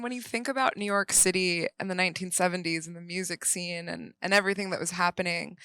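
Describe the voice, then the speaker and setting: A woman's voice: fairly low pitch, pushed and bright, clear, resonant tone, dry recording. A woman interviewing a director at a live Q&A, asking long, enthusiastic questions.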